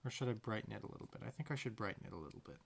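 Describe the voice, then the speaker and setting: A man's voice: on the low side, expressive, rapid-fire, creaky, slightly rough. A man casually narrating as he paints a tiny picture, rambling to himself with playful sound words. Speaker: painter and video maker.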